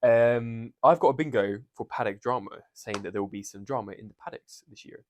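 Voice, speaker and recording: A man's voice: mid-range voice, brisk, a little hiss or hum. A man co-hosting a podcast in casual chat, recapping with jokes and plenty of swearing. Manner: swearing, jokey, rambling recap. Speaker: podcast co-host.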